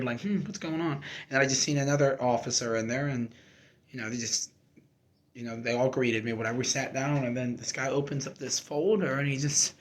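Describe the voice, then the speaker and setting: A young man candidly telling his own story, emotional and rambling, with many fillers and restarts. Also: medium pitch. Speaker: army reservist sharing his story. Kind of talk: personal storytelling to camera.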